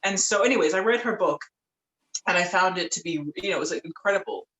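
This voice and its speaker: A woman from Tonga, a podcast guest, telling stories in a lively, chatty way full of "like" and "um". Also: mid-range voice, fast talker, echoey room, rough recording. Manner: lively, chatty, many fillers like "like" and "um". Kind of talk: casual storytelling in a podcast interview.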